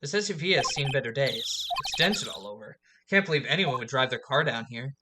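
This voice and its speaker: A woman reading a game's dialogue aloud in a low-key, deadpan way. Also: fairly quick, very noisy. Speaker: let's play voice reader. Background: game music.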